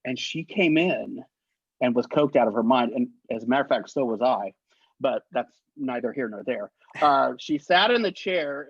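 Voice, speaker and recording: Man, 50s, interview guest, animated storyteller, does voices, dull dry recording. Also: mid-range voice, no room sound. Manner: animated, acts out the people in his stories. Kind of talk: anecdotal storytelling.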